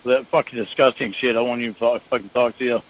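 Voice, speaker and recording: A man's voice: mid-range voice, steady tone, fast, poor audio. Defensive, foul-mouthed man. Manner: defensive, swearing. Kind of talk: played-back phone call.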